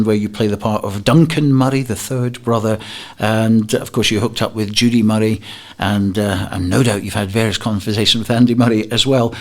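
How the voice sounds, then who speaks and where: A man hosting a radio interview, chatty and enthusiastic, asking long rambling questions. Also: fairly low pitch. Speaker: radio show host.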